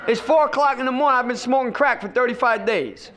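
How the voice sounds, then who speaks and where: High, bright-voiced man sharing testimony. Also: quick pace, slight background noise. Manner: storytelling, acts out quoted voices, swings between loud and hushed. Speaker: recovery meeting speaker. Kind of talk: personal testimony at a recovery meeting.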